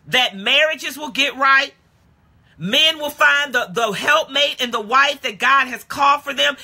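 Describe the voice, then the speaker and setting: A woman preaching a live-streamed sermon in a casual, call-and-response way that swings from low talk to shouted praise. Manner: casual street-talk phrasing. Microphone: phone or webcam live stream.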